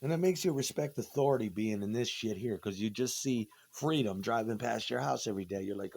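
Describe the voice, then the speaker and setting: A man's voice: lowish voice, a little fast, creaky, few pauses, darkish tone. A man in a rambling, profane monologue from home, agitated and tripping over his words. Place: at home, indoors.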